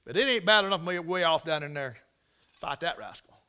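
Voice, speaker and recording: Preacher guy, fairly high bright voice, goes from hollering to hushed real fast. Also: expressive, smooth. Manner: dramatic storytelling, swings from loud shouting to near whisper. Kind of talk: sermon.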